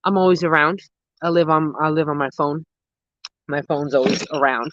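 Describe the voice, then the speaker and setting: A gardening host in their thirties, chatting casually with live viewers outdoors at dusk. They ramble excitedly and use a lot of slang. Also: mid-range voice, normal speed, muffled recording. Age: 30s. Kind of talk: casual live-stream chat answering viewers.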